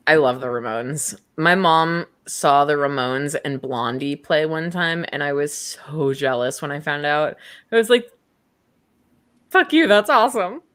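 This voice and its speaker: Slow-talking young woman telling a story. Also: sits low. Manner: storytelling with acted-out quotes and laughter. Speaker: podcast co-host. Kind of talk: casual true crime chat.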